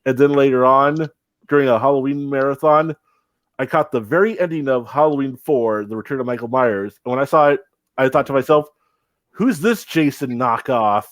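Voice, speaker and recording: A man's voice: mid-range voice, fairly quick, no room sound. A young man co-hosting a casual chat, rambling with many fillers and restarts. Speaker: podcast co-host.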